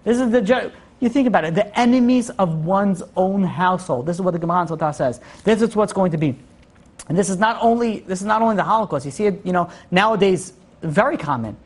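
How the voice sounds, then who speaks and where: A man in the role of a rabbi teaching a class, talking quickly with hardly a pause between thoughts. He fires off rhetorical questions to his listeners and drops in joking asides as he goes. The delivery is animated and conversational rather than formal. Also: high voice. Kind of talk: Torah class lecture.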